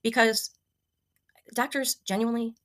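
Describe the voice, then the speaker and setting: A woman's voice: on the high side, fairly even intonation, measured pace. A woman in her fifties sharing a personal health story, earnest and emotional, with many ums and restarts. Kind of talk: personal testimonial.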